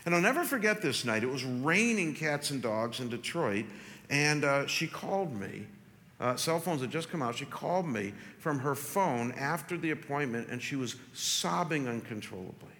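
A man in his forties, a pastor, telling a story in a sermon with animated, stammering restarts. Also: mid-range voice, normal speed. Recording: long reverb in a large hall.

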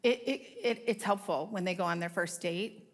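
A woman's voice: fairly low pitch, normal speed. A middle-aged woman giving a conversational Bible teaching talk to a women's group, with self-deprecating asides to her audience. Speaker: women's ministry speaker.

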